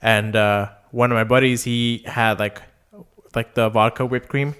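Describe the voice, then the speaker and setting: Smooth-voiced young man telling stories. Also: medium pitch, flat delivery, a little slow, fairly bright tone. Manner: rambling anecdotes full of fillers and acted-out quotes. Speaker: podcast co-host. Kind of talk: casual storytelling chat.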